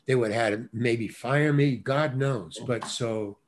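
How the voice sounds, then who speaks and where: A man, an actor, telling a casual anecdote animatedly, restarting phrases and punching lines with quick interjections. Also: mid-range voice, slight background noise. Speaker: actor guest telling a story.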